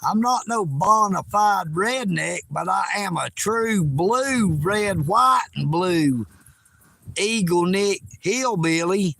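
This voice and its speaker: A Southern-accented man from Georgia, United States, livestreams from a lakeside park, chatting in a folksy, boastful way and teasing his viewers. His high, gravelly voice is expressive and slow, with a sharp tone and hardly any pauses.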